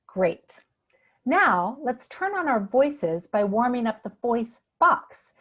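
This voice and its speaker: A woman leading a speech exercise lesson, demonstrating drills slowly and clearly and encouraging the listener. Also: fairly high pitch, sing-song, a bit bright. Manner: slow, clear, encouraging demonstration with drawn-out practice words. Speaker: speech therapy instructor.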